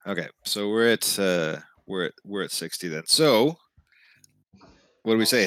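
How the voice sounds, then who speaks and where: A man's voice: lowish voice, animated, moderate pace, long pauses, fairly bright tone, no echo. A man co-hosting a casual podcast, joking around and teasing the others. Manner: playful, teasing. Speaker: podcast co-host. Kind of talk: casual chat.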